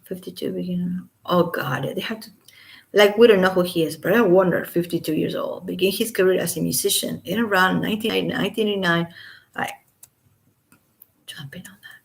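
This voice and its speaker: A woman's voice: on the low side, brisk, vocal fry. Sarcastic woman reading a court filing. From Los Angeles resident. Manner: sarcastic, incredulous asides, occasional whispered remarks. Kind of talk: casual commentary while reading aloud. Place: home.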